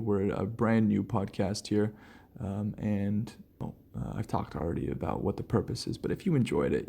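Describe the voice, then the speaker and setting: A man hosting a relaxed solo podcast, rambling casually with lots of fillers and restarts. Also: on the low side, vocal fry, husky. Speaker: podcast host.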